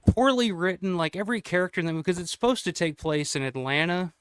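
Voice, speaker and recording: A talkative man from the American South hosts a casual podcast conversation with energetic storytelling. His voice sits on the higher side and sounds smooth and clear. The recording is dry and close. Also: fast talker, no room sound. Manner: animated, talkative, swears casually. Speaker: podcast host.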